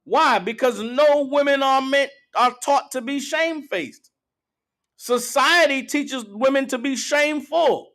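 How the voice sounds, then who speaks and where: A man with a high voice preaches a street-style sermon in a blunt, profane way. He mocks people by putting on their voices and hammers his points home. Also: a little slow, fairly bright tone. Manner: blunt, profane, mocking impressions of women. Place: meeting hall.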